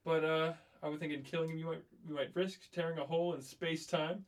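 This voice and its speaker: A man co-hosting a podcast, riffing with deadpan, crude, absurd humor in casual banter. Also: fairly high pitch, fast talker. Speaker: podcast co-host.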